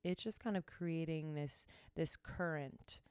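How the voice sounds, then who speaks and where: Low, smooth-voiced woman podcast host. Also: darkish tone, no echo. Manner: slow, soothing guidance with hums and sung tones; breaks into brisk, emphatic pep-talk bursts. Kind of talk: solo wellness podcast talk.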